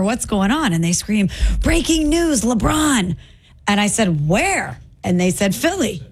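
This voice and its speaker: A woman co-hosting a sports talk show who tells stories in a lively way. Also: mid-range voice. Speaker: co-host.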